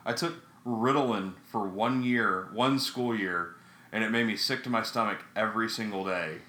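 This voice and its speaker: A man's voice: on the low side, moderate pace, pushed and bright. A man in his thirties from the United States, co-hosting a podcast in casual chat, swearing often and ranting in a jokey way. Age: 30s. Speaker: podcast co-host. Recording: roomy echo.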